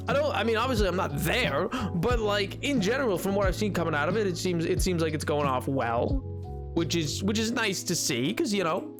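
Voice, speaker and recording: A man's voice: sits high, very animated, a little fast, music in the background. A man streaming a game, chatting casually with viewers in a rambling, playful way and laughing often. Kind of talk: casual live-stream chat while gaming.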